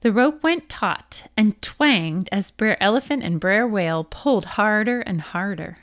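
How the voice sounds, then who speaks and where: A woman narrating a folk tale as a storybook read-aloud, with a lively, expressive delivery. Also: mid-range voice, measured pace.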